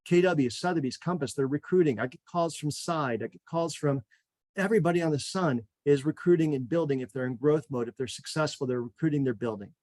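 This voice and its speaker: A man hosting a real estate webinar, talking in an energetic, repetitive motivational way and a little out of breath. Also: fairly high pitch, a little fast, dry recording. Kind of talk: enthusiastic webinar pitch.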